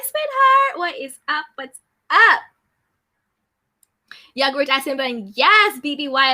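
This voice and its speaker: A woman's voice: sits high, pushed and bright. A woman hosting a casual live chat, reading viewer comments aloud and answering them. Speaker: YouTube recap host reading live chat.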